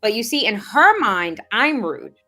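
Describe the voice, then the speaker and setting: A self-improvement vlogger, a woman with a fairly high voice, tells a personal story at an unhurried pace over faint background music. An adult who has seen the same doctor since age sixteen, she's animated, emphatic and indignant, mimicking what others said in this casual monologue.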